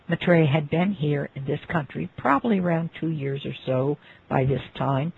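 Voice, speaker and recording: A man narrating a life story in an unhurried, reflective way, turning now and then to address the listener directly. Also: fairly high pitch. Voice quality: very husky and gravelly. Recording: phone-like lo-fi recording.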